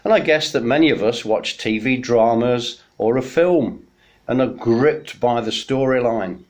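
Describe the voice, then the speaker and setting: A male minister delivers a midweek message at a slow, measured pace. His voice sits at an ordinary middle pitch, and he tells stories with gentle pauses between words. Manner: unhurried storytelling, gentle pauses.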